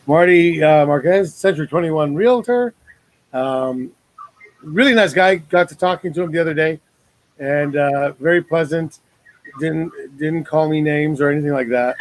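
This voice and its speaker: A man's voice: a little high, moderate pace, no room sound, poor audio. A man hosting a casual online talk show over a video call, joking and rambling with lots of fillers.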